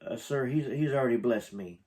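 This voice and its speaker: A man reading the lines of a kind, humble famous male singer, soft-spoken and hesitant. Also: medium pitch, brisk, close to an everyday voice.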